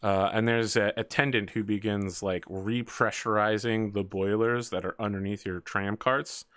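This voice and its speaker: Brief: casual game-master narrator, low voice, dry sound. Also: male voice, steady tone, moderate pace, fairly bright tone, smooth, dry recording. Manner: casual, many fillers like "uh" and "like".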